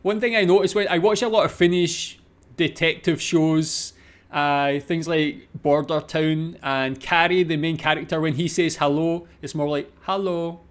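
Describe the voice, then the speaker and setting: A Scottish man hosting a casual reaction video, repeating foreign words slowly and chatting between them. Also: fairly high pitch. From Scotland.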